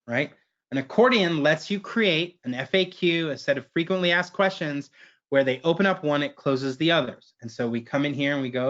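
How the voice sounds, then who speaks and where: A man's voice: a little high, normal speed, a bit bright. Guy running a webinar demo, chatty, says right a lot, kinda dull lo-fi audio. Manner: casual, keeps asking "right?". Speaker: webinar presenter. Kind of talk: screen-share software demo.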